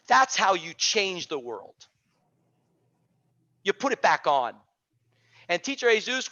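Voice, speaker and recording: A man hosting an online teaching community, giving an energetic, preachy talk on a video call and repeating phrases for emphasis. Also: sits high. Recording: dull lo-fi video call audio.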